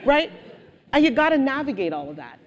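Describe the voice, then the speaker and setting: A woman guest speaker telling stories with animated energy in a live on-stage interview. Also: medium pitch, a little fast, slight background noise. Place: auditorium with audience. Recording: long hall reverb.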